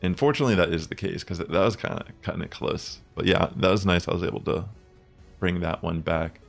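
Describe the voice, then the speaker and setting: A young man casually commenting on his own online game matches, chatty and relaxed, thinking aloud with fillers. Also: low voice, a little fast, vocal fry, faint music behind. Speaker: gaming content creator.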